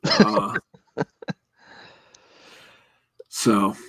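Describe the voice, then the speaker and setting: A man co-hosting a podcast, rambling and joking at his own expense as he signs off the show. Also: extremely slow. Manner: rambling, self-mocking, jokey. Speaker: podcast co-host. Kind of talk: casual podcast sign-off chat.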